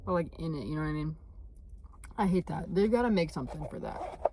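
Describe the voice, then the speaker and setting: A woman's voice: deep voice, a little fast, mellow, slight background noise. A young woman chatting casually to her phone camera in a vlog, bubbly and gushing, full of slang. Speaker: vlogger.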